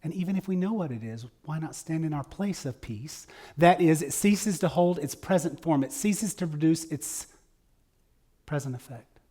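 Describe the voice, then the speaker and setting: A man giving a conversational sermon at a church service, earnest and folksy, moving between loud emphasis and quiet asides. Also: a little high, lively intonation, normal speed, slightly rough.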